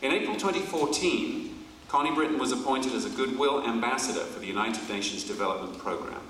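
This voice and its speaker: A man reading a formal introduction of a speaker in a measured way. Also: medium pitch, fairly bright tone, slight background noise. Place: large auditorium. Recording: echoey hall from far off.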